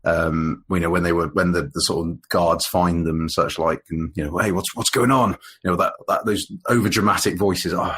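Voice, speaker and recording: A deep, slightly rough male voice with a steady tone, fairly bright quality, normal speed, and few pauses. He is a podcast co-host giving a rambling, casual review of an old monster film, packed with fillers and restarts and lots of laughing.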